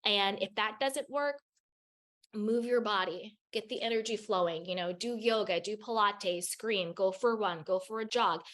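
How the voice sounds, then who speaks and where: A woman's voice: mid-range voice, moderate pace, a bit bright. A woman guest on a podcast, giving candid spiritual advice in a raw, blunt way, swearing freely and repeating phrases for emphasis.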